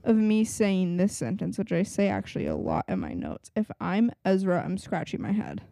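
A young woman co-hosts a podcast and walks through TV scenes in chatty detail, full of filler words. Her voice is warm and mellow, recorded close and dry. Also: on the low side, sing-song, normal speed, vocal fry, no echo. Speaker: podcast co-host. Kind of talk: casual chat recapping a TV episode.

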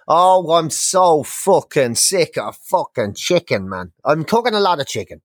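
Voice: mid-range voice, very animated, a little slow, no echo, studio quality. A podcast co-host in casual chat, ranting with heavy swearing.

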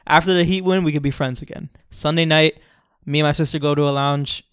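A man co-hosting a podcast, telling a long comic story in an animated, joking way. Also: a little high, a little fast, clean tone, no echo, clean studio sound. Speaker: podcast co-host. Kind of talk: casual storytelling chat.

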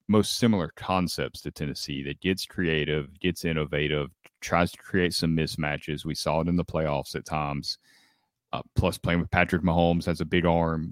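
A man co-hosting a sports podcast, talking through draft prospects in a measured, analytical way. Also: deep voice, no room sound, studio quality. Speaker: podcast co-host. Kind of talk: casual sports chat.

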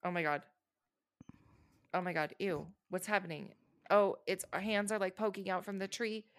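A woman co-hosting a casual chat, narrating a video as she watches and reacting with squeamish, excited exclamations. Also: medium pitch, normal speed, dry recording, studio quality.

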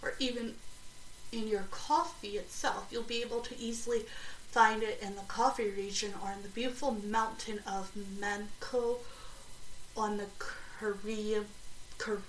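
Slow-reading woman podcaster in an echoey room. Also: medium pitch, a little hiss or hum. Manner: slow, halting reading with chatty excited asides. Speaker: podcast host. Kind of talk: casual podcast reading aloud with asides. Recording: roomy echo, distant from mic, faint ambience.

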